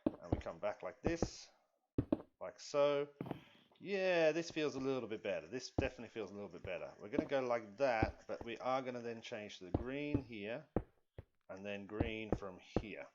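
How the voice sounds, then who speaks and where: A man's voice: medium pitch, lively intonation, normal speed. Rambling man narrating his building game. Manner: rambling, self-talking, apologetic. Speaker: streamer. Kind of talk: live gameplay commentary. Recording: dull lo-fi stream audio with loud noise.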